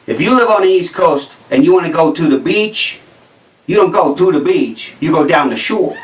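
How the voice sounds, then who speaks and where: A man with a New Jersey accent works through a stand-up bit in a wry, incredulous tone, chuckling along at his own jokes. His voice sits a little high for a man and comes across from some distance in an echoey room with faint ambient noise behind it. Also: expressive, normal speed. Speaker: stand-up comedian. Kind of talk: stand-up routine.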